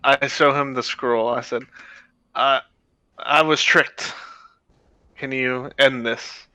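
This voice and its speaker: A man's voice: medium pitch, steady tone, takes it slowly, bright, forceful tone, smooth, rough recording. A man playing a tabletop game, asking eager, direct questions. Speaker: player. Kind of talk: casual tabletop play over a call.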